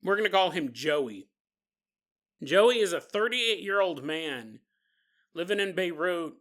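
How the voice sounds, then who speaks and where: Podcast host, male, bright tone, crude jokey storyteller who laughs a lot. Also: high voice, animated, measured pace. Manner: crude humor. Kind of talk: comedic storytelling monologue.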